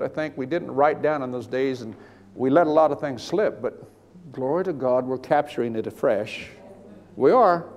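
A man preaching a sermon to a room of listeners, animated, swinging from hushed asides to loud emphatic bursts. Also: medium pitch. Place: large hall with an audience. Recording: long hall reverb.

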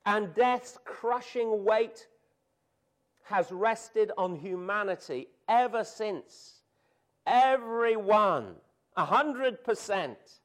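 A man preaching a sermon with slow, deliberate phrasing, dropping to a hush and rising to emphatic declarations. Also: high voice, animated.

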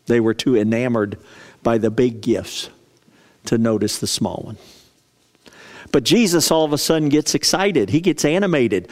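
A man's voice: medium pitch, moderate pace, long pauses. A male pastor preaching a sermon in a chatty, storytelling way, often asking the congregation questions. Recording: long reverb of a large hall.

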